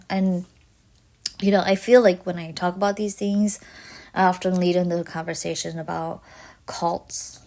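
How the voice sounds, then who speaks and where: A young adult woman hosting a casual solo podcast, thinking aloud in a reflective way with many pauses. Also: fairly low pitch, gravelly. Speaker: podcast host.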